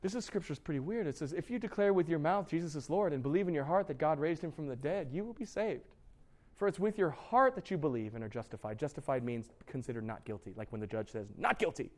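Young male youth pastor, slightly high voice, chatty and joking sermon style. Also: quick pace. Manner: casual, joking, lively storytelling with many fillers and restarts.

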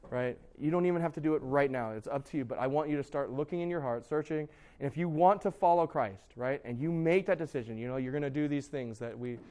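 A young man preaches to a youth group in a church hall, his voice sitting a little high for a man. He talks in a loose, joking way, full of fillers and restarts, and tells stories between his points. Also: fast talker. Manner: casual, joking, lively storytelling with many fillers and restarts. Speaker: youth pastor. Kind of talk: sermon.

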